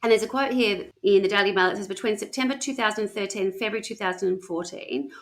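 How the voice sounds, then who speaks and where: A woman's voice: mid-range voice, fast talker. Woman co-host, chatty true-crime teller who laughs at her own slips. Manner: chatty storyteller, self-mocking, laughs often. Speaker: podcast co-host. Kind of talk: casual chat.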